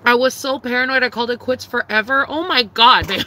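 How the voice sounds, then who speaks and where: A woman's voice: on the high side, brisk, hardly any pauses, sharp tone, low-quality recording. A young woman chatting casually on a livestream, answering her chat in a blunt, profane, giggly way.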